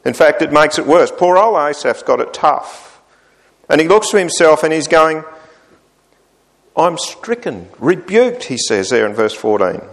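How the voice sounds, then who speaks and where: A man preaching a sermon, voicing the psalmist's complaints with lively rises. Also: on the high side, moderate pace, gravelly.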